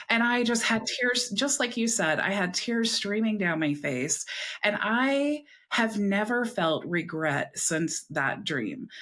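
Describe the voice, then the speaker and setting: A woman hosting a podcast, telling a personal story in a lively way and acting out the voices she quotes. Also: mid-range voice. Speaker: podcast host. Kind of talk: casual interview talk.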